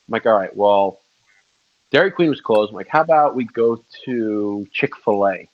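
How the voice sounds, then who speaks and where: A man's voice: lowish voice, moderate pace. Rambling, swearing man, lo-fi sound. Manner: swears a lot, rambling storyteller. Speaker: podcast co-host. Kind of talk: casual chat.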